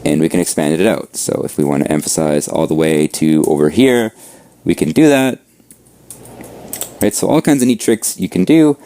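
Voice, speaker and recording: A man with a low, mellow voice walks through a coding lesson in an easygoing, explanatory way. He keeps checking in with listeners as he goes. The recording is dry and close, with no room sound. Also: brisk, hardly any pauses, dry recording. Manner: relaxed, explanatory, frequent "right?" check-ins. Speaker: coding instructor. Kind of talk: screen-share coding lesson.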